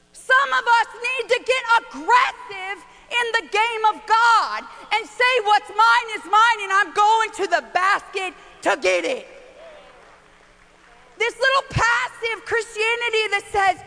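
A middle-aged woman preaching a sermon, telling a family story with lots of animation, hushed at times and shouting at others. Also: extremely high pitch, measured pace, creaky. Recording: long reverb of a large hall.

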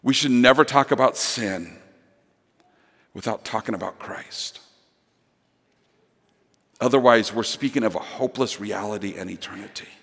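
Male pastor, earnest sermon delivery with repeated phrases, bright forceful tone, big reverberant church hall. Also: on the low side, normal speed, creaky, pauses often, breathy edge. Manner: earnest preaching with emphatic repetition. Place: church sanctuary.

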